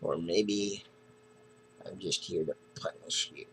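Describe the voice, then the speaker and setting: A man reading as a grim, gravelly vigilante. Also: low-pitched, slow, a bit bright, a little hiss or hum, heavily acted, rough recording. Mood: menacing. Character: menacing masked male vigilante, grim.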